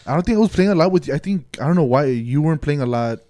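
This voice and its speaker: Young guy on a podcast, kinda higher voice, dry close sound, swears a bunch. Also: expressive, rapid-fire, warm tone, dry recording. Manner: laid-back, profane, loose. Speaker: podcast co-host. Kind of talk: casual chat.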